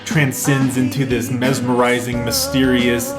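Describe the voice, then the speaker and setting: A man's voice: medium pitch, level tone, unhurried, reverberant. A man with a Southern US accent co-hosting a casual music review, enthusiastic and jokey. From Nashville, Tennessee. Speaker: podcast co-host.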